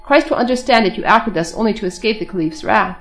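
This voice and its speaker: Brief: woman reader doing male traitor, sly, hushed, coaxing, quick delivery. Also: mid-range voice, soft background music, natural voice. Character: sly male apostate traitor, whispering persuasion.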